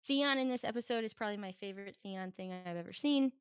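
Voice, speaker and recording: A woman's voice: medium pitch, fast talker, clean tone, no room sound. A woman co-hosting a podcast in casual chat, talking freely and acting out quotes in exaggerated voices. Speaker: podcast co-host. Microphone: podcast microphone.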